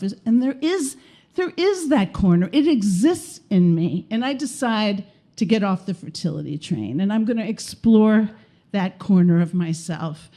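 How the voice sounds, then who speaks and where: A woman from the American Midwest, telling a self-mocking true story in a wry, animated way on the stage of a small music venue. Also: medium pitch, unhurried. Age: 30s. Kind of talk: live comic storytelling.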